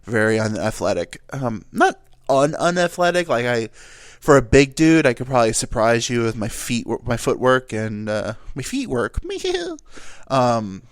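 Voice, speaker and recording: A man's voice: medium pitch, normal speed, clean tone, dry recording, clean studio sound. A young man sounding nasal and teary, telling a rambling personal story with fillers and self-corrections as a podcast host. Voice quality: nasal, sounds like he just cried. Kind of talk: casual storytelling monologue.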